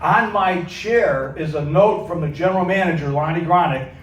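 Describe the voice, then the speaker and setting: A man, a former radio engineer, telling a lively anecdote on stage at a music venue and acting out the people he quotes. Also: a little high, moderate pace. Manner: animated storyteller who acts out the people he quotes. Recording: echoey room, picked up from a distance.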